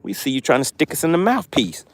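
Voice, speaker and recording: A man on a lake boat voicing a group of wary bass fish that tease and mock him. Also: very animated, fast, no room sound. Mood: teasing. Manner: mocking, teasing.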